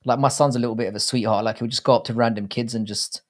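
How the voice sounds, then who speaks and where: A man's voice: medium pitch, steady tone, quick pace, few pauses. A man in his thirties hosting a livestream watchalong, talking to chat in a blunt, profane, rambling way. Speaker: livestream host. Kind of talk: casual livestream watchalong commentary.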